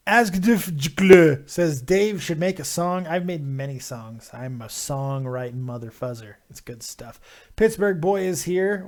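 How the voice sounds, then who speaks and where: Loud profane joking male streamer. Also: on the high side. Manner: loud, profane, joking, drifts into mock singing. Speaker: livestream host. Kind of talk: casual live call-in stream.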